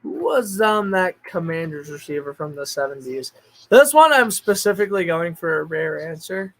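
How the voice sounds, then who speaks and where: A man hosting a casual livestream, chatting and thinking aloud, with sudden bursts of excitement. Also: fairly high pitch, normal speed, low-quality recording. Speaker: streamer host.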